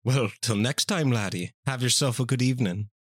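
A man voicing a mischievous, mocking male leprechaun with a put-on old-fashioned Irish brogue and a husky voice. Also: mid-range voice, fairly quick, no room sound, clean studio sound, lightly acted. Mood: teasing.

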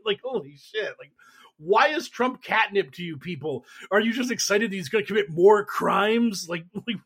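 A man talking politics on a panel, animated and mocking, often putting on sarcastic voices and swearing. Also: high voice, normal speed, breathy edge. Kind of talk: casual political discussion.

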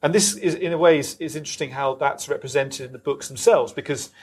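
A man's voice: mid-range voice, fast. A man interviewing an author at a live event. He asks long, winding questions in an academic style. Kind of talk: onstage interview. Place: live event venue with an audience.

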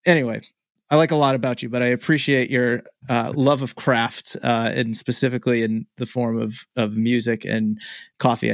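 A man hosting a podcast, telling a relaxed story to his guest and reading the show's outro. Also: medium pitch, gravelly, no echo, studio quality. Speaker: podcast host. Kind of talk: conversational podcast interview.

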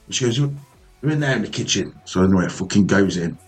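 A man co-hosting a casual podcast, telling an animated, heavily sweary story about his youth. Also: low-pitched, quick pace, soft background music. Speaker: podcast co-host.

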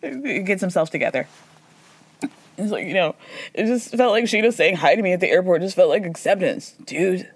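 A woman's voice: fairly low pitch, animated, husky, dry recording. Chatty sarcastic woman podcast host. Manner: chatty, sarcastic, quick asides, mimics people she quotes. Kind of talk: casual recap commentary.

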